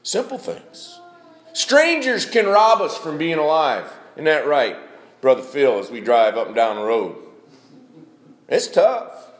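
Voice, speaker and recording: Lively, roomy male preacher. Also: a little high, slow. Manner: folksy, addresses congregation by name. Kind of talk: sermon. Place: church.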